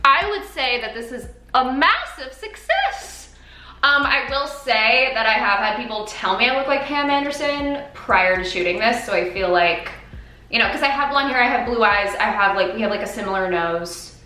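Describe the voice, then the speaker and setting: A woman beauty vlogger with a slightly high, expressive voice talks at normal speed in a bright, forceful tone. Her casual makeup tutorial chatter is exclamatory and filler-heavy, and the room gives off a noticeable echo.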